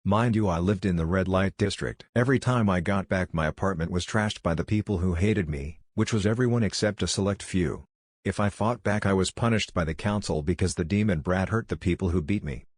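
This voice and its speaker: A man's voice: low-pitched, a little fast, no echo, clean studio sound. A man voicing a brash young male ninja with a blunt, cutting way of talking. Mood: cold.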